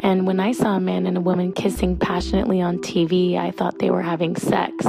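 A woman's voice: lowish voice, completely flat delivery, a little fast, creaky, music in the background. A woman from San Diego calling in to tell an amused childhood story. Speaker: caller.

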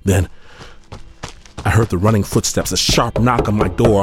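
A man narrating a dramatic story in a measured, grave voice with dramatic pauses. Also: on the low side, steady tone, over music.

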